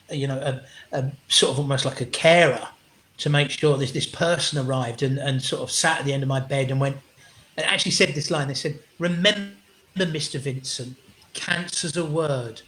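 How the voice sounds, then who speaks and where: A man, a comedian guest telling animated, sweary stories in an interview and acting out what people said. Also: a little high. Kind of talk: storytelling interview chat. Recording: roomy echo.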